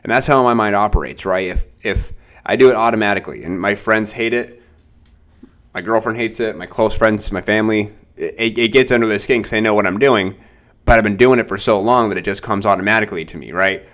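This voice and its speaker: A man's voice: lowish voice, a little fast, a bit bright. A young adult man hosting a casual sales-training podcast, talking loosely and acting out short exchanges with clients. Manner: loose, conversational, acts out short client dialogues.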